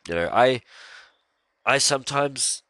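A man's voice: medium pitch, lively intonation, takes it slowly, a bit bright, no echo. A man hosting a podcast, talking earnestly and rambling about his faith, with frequent fillers and sighs. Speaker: podcast host. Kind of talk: casual religious monologue.

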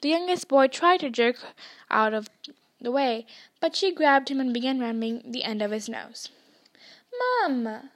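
A woman reads a novel aloud with expressive storytelling. Her voice sits high. The reading is even and engaging. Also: moderate pace. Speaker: audiobook reader.

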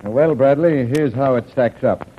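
A man playing a cautious, by-the-book army major in a measured, officious manner, 1940s radio acting on a tinny old broadcast. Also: mid-range voice, heavy background noise, lightly acted. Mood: briefing.

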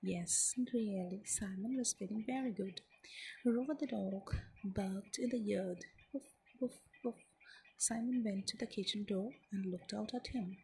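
Whispered ASMR storyteller, woman, gentle with a gravelly fry. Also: mid-range voice, unhurried, rough recording. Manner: gentle, soft-spoken, often whispering.

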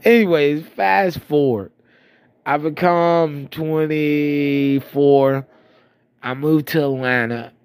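A man's voice: on the high side, steady tone, takes it slowly, clean tone, no room sound. A man in his thirties from Florida, telling rambling, profane stories about his past in a casual monologue, a bit stuffy-nosed. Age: 30s. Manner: profane, rambling, laughing at himself. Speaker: storyteller.

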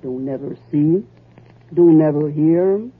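A woman's voice: deep voice, unhurried, slightly rough. An actress playing a spiteful, coarse rural woman in a 1940s radio drama, with a folksy, ungrammatical drawl. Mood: sly. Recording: tinny old radio broadcast, loud music.

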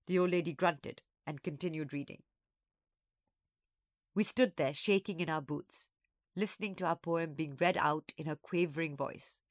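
A woman storyteller reading a children's story aloud, expressive and acting out each character. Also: deep voice, normal speed, no room sound, studio quality.

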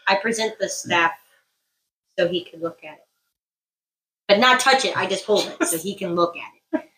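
A woman's voice: mid-range voice, moderate pace, a bit bright. A woman player chatting casually at a tabletop game, upbeat and asking questions. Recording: echoey room.

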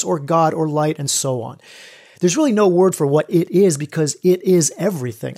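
A man's voice: on the high side, darkish tone. A man hosting his own podcast, talking earnestly and reflectively to his listeners as a spiritual guide for men, calling them brothers. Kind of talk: solo podcast monologue.

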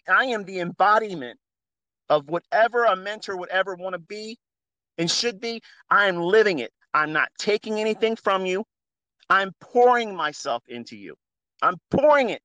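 A man's voice: fairly high pitch, no echo. Earnest, profane man preaching into a phone. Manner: earnest, preachy and profane, swings from quiet to loud. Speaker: trading mentor hosting a live audio space. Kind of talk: impassioned unscripted monologue.

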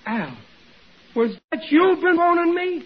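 Brief: a bumbling Brooklyn-accented husband, high, stammering, muffled old radio sound with hiss. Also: male voice, sing-song, measured pace, heavily acted. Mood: blustering. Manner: stammering, flustered. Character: blundering good-hearted working-class husband. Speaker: sitcom lead. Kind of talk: 1940s radio acting.

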